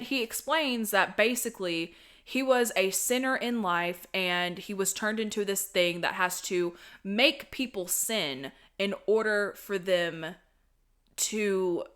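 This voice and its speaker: A young woman hosting a podcast, recapping a horror movie in a casual, animated, swearing style. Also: medium pitch. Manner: animated, profane storytelling. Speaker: podcast host.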